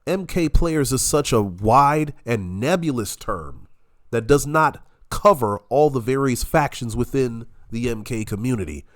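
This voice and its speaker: A man's voice: medium pitch, expressive, measured pace. A man giving heated, profane reaction commentary, his voice nasal and congested from illness. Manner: profane, combative ranting.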